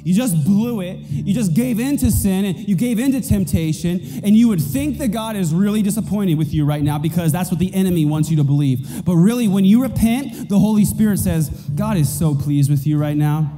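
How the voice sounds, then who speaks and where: A man's voice: high voice, brisk, few pauses, dark tone, big-room sound, faint music behind. A man preaching a sermon as pastor, emphatic and repeating his key points. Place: church auditorium.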